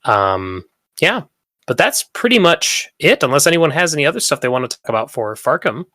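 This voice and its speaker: A man co-hosting a podcast, reading out event plans with upbeat energy. His voice is bright and sharp-edged. The sound is dry and close, with no room around it. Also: a little high, sing-song, fairly quick, no room sound. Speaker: podcast co-host. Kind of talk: casual chat.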